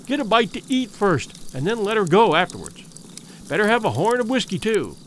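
A gruff old-fashioned backwoodsman with a rough voice and a gentle, coaxing way, played by a man reading the tale. He speaks plainly and calmly. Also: high-pitched, brisk, a little hiss or hum. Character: gruff, kindly male backwoods guide.

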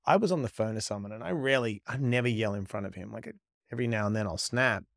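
A middle-aged man, a podcast guest, telling stories in an animated, profane way and acting out quoted lines. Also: mid-range voice, quick pace, vocal fry, dry recording, studio quality. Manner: profane, emphatic, acts out quotes. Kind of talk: animated storytelling.

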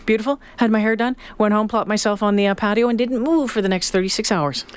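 Smooth-voiced woman, dry close sound. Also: medium pitch, fast, no room sound. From Canada. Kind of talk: casual chat.

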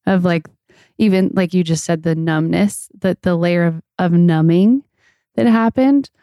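A woman hosts a podcast in casual chat. She answers with sympathy and gushing agreement. Her voice is low and mellow, and it is recorded dry and close. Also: measured pace, no room sound. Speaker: podcast host.

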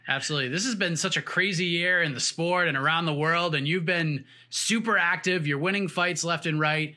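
A man hosting a sports interview show, energetic and full of hype. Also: fairly high pitch, a little fast. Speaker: host.

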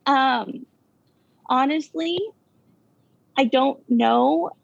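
A woman with a fairly high, fry-tinged voice recounts a ghost story, stopping and restarting with plenty of fillers. The sound is dull and lo-fi, with a close, dry room. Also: dry recording. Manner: halting, filler-heavy, nervous laughs. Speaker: caller telling a ghost story. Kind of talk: casual storytelling.

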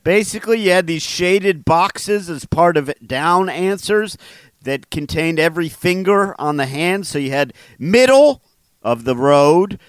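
A man's voice: fairly high pitch, animated, a little slow, smooth, no echo. A man co-hosting a word podcast in casual chat, goofy and laughing at his own puns. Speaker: podcast co-host.

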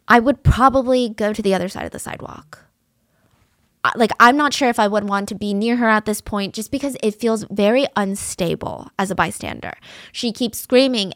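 A woman with a fairly high voice narrates a true-crime podcast in an earnest, descriptive way. She is recorded dry and close to the mic. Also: no echo. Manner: earnest and descriptive, reads out quotes from audio.

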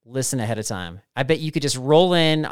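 A man's voice: mid-range voice, lively intonation, fairly quick, clean tone, no room sound, clean studio sound. A man hosting a podcast in casual banter, playful and needling, laughing easily. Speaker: podcast host.

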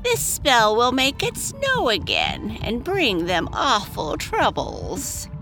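A woman voicing a lonely, grumpy old witch in a read-aloud storybook, sulky and shrill. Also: wildly swooping pitch, takes it slowly, vocal fry, bright, forceful tone, faint music behind, heavily acted. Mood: spiteful.

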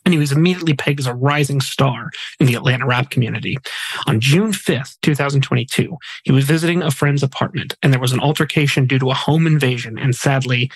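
A man's voice: mid-range voice, quick pace, husky, no room sound, rough recording. A man hosting a podcast, casually reading out memorial facts with light jokes mixed in. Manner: reads facts in a chatty way with small jokes. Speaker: podcast host.

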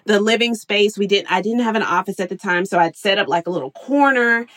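A woman's voice: medium pitch, fairly quick, a bit bright. A woman in her thirties, a working mother, telling candid stories as an interview guest, laughing often and acting out her own past lines. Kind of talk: candid storytelling.

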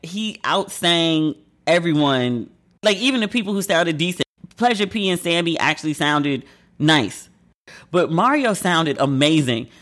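A woman's voice: sits low, expressive, measured pace, fairly bright tone. A woman host in casual chat, telling candid, profane stories with playful acted asides. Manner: candid, profane, gossipy storytelling.

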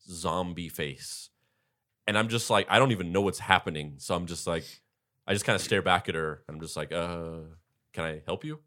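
A young man with a deep, low voice tells long, meandering stories from work. He is hosting a casual chat show and leans heavily on fillers and restarts. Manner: rambling, animated retelling with many fillers. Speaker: podcast host.

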